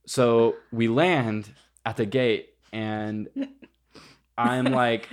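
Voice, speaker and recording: Profane rambling man, lowish voice. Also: flat delivery, unhurried, smooth. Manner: profane, rambling, filler-heavy. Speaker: podcast co-host. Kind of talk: casual storytelling chat.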